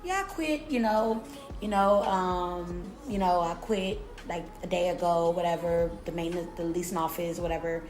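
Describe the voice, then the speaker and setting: Woman doing a laid-back, indifferent young man, lower voice, drawling and vague, roomy sound. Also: moderate pace, a little mellow, close to an everyday voice. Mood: offhand. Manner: drawling, vague, filler-heavy. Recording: roomy echo with faint music.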